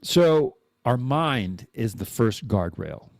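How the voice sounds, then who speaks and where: A man hosting a live-streamed podcast, talking in a rambling, animated way, restarting and repeating words as he thinks aloud. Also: mid-range voice, slow pace, no echo, clean studio sound. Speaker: podcast host. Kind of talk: casual live-streamed monologue.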